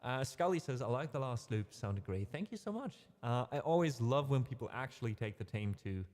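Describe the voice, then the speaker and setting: A man's voice: mid-range voice, animated, brisk, darkish tone, long reverb tail. A man hosting a casual music livestream, rambling a little, correcting himself and talking to his chat in a friendly way. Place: home streaming room.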